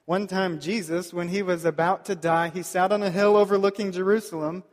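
A man preaching a sermon as pastor, earnest and pleading, slowing down to stress key points. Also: high-pitched, steady tone, in a large hall. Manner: earnest, pleading, slows down for emphasis.

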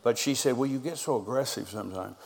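Fast and darkish in tone, with vocal fry in a mid-range voice, a middle-aged pastor preaches as a long reverb tail follows him. His sermon is built on stories, quoting conversations back and forth.

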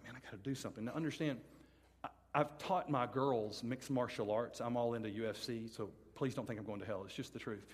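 A middle-aged man preaching a sermon to students before a live audience. He tells a personal story with animated comic swings, then turns hushed and earnest. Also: mid-range voice, a little hiss or hum. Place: large hall with a live audience. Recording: long hall reverb from a live venue.

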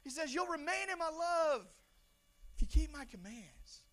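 Speaking at a normal pace in a very high-pitched, animated voice, a young pastor delivers a church sermon conversationally. He occasionally shouts lines for emphasis and trips over repeated words.

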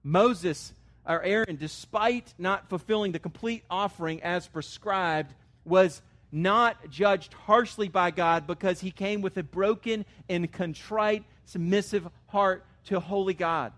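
This pastor's sermon comes in a high-pitched, somewhat bright voice at an unhurried pace. He keeps it earnest and chatty, with filler-laden asides, building to strong emphasis on important words.

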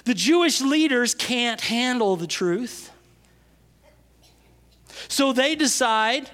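A man preaching a sermon, stressing key phrases with slow, drawn-out words and swinging from loud to hushed. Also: extremely high pitch, animated. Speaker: pastor.

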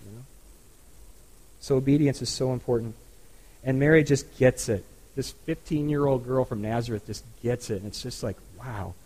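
A man's voice: medium pitch, darkish tone, rough recording. A man preaching a sermon to a congregation in an earnest, conversational way, often adding asides. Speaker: pastor. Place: church.

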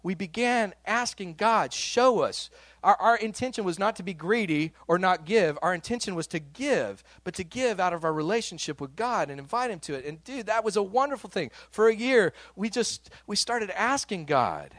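A middle-aged man preaching a sermon in a casual, animated way, often repeating words as he goes. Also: high voice, moderate pace, dry recording. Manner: conversational, animated, with frequent repeated words and laughs. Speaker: pastor.

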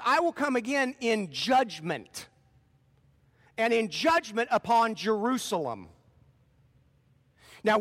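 A man's voice: very high-pitched, a bit bright. A man preaching a sermon, reading scripture aloud with rising emphasis and then explaining it plainly. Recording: long hall reverb.

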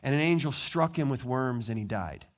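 A male pastor tells a story in his sermon with lively, animated delivery, acting out the people in it. His voice is mid-range and his speed normal.

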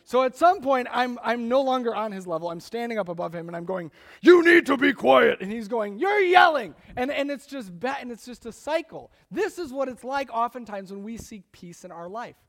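A man preaching a sermon in a conversational, animated storytelling way, acting out little scenes as he goes. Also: very high voice, a little fast, few pauses. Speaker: pastor.

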